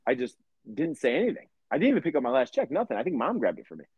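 A man's voice: medium pitch, rapid-fire, breathy edge, no echo, muffled recording. A young man co-hosting a podcast, telling rambling, profane stories in casual chat. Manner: profane, rambling, animated storyteller. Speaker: podcast co-host.

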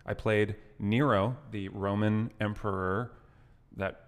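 Brief: young male co-host, low gravelly voice, playful banter, long echo from a gym room. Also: fairly even intonation, slow pace. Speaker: podcast co-host. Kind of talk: casual chat. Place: back of a gym.

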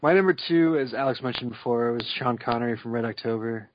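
A fast-talking man of medium pitch co-hosts a podcast, drifting through casual chat, chuckling, and leaning heavily on "like." There's a little hiss or hum in the slightly dull, dry recording.

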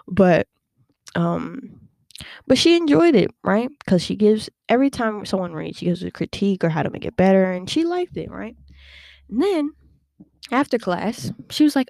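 A young woman hosting a podcast, telling a personal story in a chatty, animated way with lots of fillers and laughs. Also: mid-range voice, moderate pace, vocal fry, no room sound, clean studio sound. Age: young adult. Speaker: podcast host.

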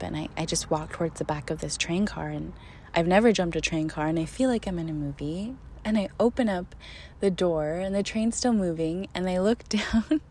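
Lively young woman telling a travel story. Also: medium pitch, slight background noise. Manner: animated, laughs often, acts out quotes. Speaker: storyteller recounting a trip. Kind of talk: casual spoken storytelling.

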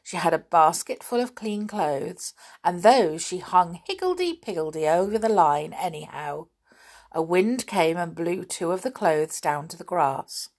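Slow, expressive woman storybook narrator. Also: fairly low pitch. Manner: expressive, unhurried. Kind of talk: children's storybook reading.

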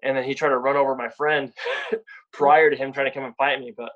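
A man's voice: medium pitch, fairly even intonation, fairly quick, a bit bright, lo-fi sound. A young man guest talking frankly and casually about sales, often repeating words as he starts a thought. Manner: blunt, repeats words when starting sentences. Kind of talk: casual podcast chat.

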